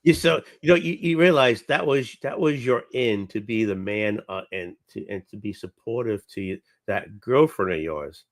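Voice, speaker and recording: A man's voice: lowish voice, moderate pace, few pauses, no room sound. A man hosting a live stream chat, teasing and encouraging his guest, often restarting his sentences. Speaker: show host.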